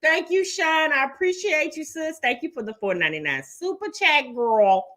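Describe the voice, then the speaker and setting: A woman's voice: sits high, expressive, normal speed, fairly bright tone. A woman hosting a casual livestream commentary, sassy, calling listeners baby and honey while greeting the chat.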